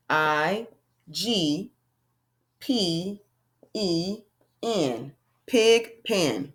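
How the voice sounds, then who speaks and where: Lively, slow-sounding woman teaching phonics. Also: lowish voice. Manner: slow, encouraging, sounds out letters and claps syllables. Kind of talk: phonics lesson for young children.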